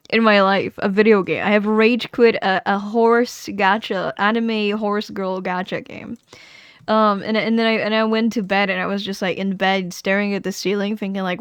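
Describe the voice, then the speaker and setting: A woman's voice: mid-range voice, clean tone, no echo. A woman live streamer chatting casually into a streaming microphone, rambling, giggling and correcting herself as she goes. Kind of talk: casual livestream chat.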